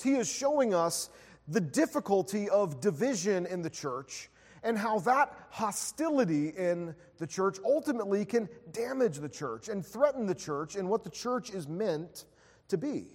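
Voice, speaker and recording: A man's voice: high-pitched, lively intonation, unhurried, darkish tone, breathy edge. A man preaching a sermon, opening in prayer and telling a story with frequent filler words. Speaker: pastor. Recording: long hall reverb.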